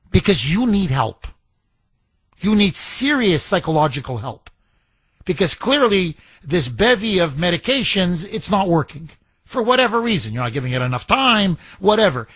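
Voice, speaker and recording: A talk radio host with a husky, slightly high voice, recorded close and dry. He argues his points emphatically and doubles back on himself mid-thought, with the pointed manner of call-in commentary. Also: sing-song, normal speed, fairly bright tone, no room sound. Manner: emphatic, opinionated, digressive.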